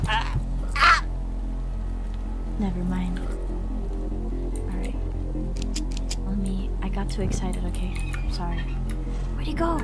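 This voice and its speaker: A young woman streaming a retro shooter, excitable and quick to laugh and shriek at what happens in the game. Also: mid-range voice. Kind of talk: live game commentary. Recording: game music loud behind her. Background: loud game music.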